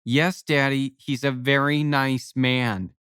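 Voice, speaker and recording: A man reading an audiobook, voicing an excitable young girl in eager, breathless childish chatter. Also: medium pitch, takes it slowly, smooth, no room sound, studio quality.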